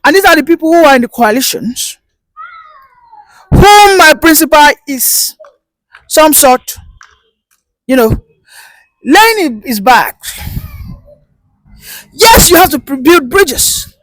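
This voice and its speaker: A woman's voice: high voice, sing-song, slow, long pauses, dry recording, low-quality recording. A woman delivering impassioned political commentary, emphatic and rhetorical, repeating points for force. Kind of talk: opinion commentary.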